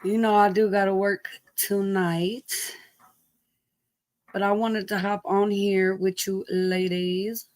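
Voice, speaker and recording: A woman's voice: medium pitch, level tone, takes it slowly, darkish tone, dry recording. A middle-aged woman hosting a casual live stream from home, greeting viewers by name, sniffly from allergies and cursing lightly as she chats.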